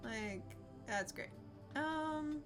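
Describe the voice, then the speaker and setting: A woman's voice: high-pitched, expressive, drawn-out words, a bit bright, faint music behind. A young woman streaming a game, chatting casually with her viewers and laughing often. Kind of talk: casual live-stream chat.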